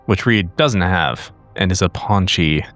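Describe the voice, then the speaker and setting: A man's voice: low voice, measured pace, fairly bright tone, faint music behind. A man playing a tabletop game, joking dryly about his character. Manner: wry, dry jokes about his character. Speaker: player. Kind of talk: casual tabletop play.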